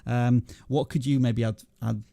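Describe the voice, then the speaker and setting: A man's voice: medium pitch, steady tone, unhurried, gravelly, warm tone, dry recording, studio quality. A man hosting a livestream panel, chatting casually and joking at his own expense. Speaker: livestream host. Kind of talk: casual panel chat reviewing channels.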